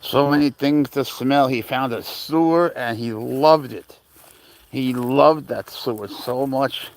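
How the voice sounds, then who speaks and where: A man's mid-range voice, carrying a slight hiss or hum, rambles casually on a live stream from an outdoor park. As host, he says hello to viewers and speaks to his cat through a handheld phone.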